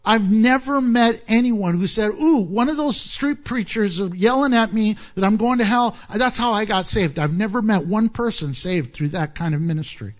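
A man preaching a sermon, animated and joking, often laughing at his own asides. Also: sits high, moderate pace, few pauses, faint music behind. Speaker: pastor.

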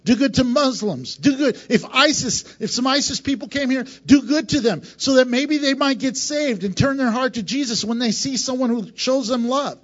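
A man with a high voice preaching a sermon, pressing points hard and then dropping to a hushed tone. The recording sounds dull and lo-fi. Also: normal speed, hardly any pauses. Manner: preaching with emphatic swings between loud and hushed. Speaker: pastor.

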